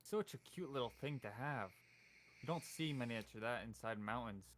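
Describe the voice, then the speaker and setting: A man's voice: mid-range voice, expressive, moderate pace, fairly bright tone, slight background noise. A man in a tabletop game playing a dwarf character, answering in a brief, easygoing way. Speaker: player. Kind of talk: casual tabletop play.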